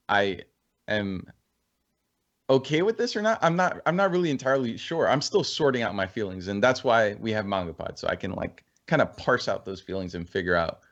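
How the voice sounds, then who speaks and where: Man, podcast co-host, lively pitch, rambling, thinking aloud, lo-fi sound. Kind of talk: casual chat.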